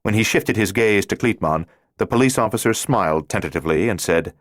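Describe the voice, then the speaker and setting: A man narrating a thriller audiobook in a steady, measured reading voice. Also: fairly low pitch, no echo, clean studio sound. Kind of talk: scripted narration.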